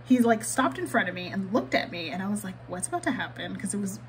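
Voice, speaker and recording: A woman's voice: medium pitch, fast talker, crowd noise, rough recording. A woman vlogger chatting candidly while she decorates her planner, swearing casually and laughing often.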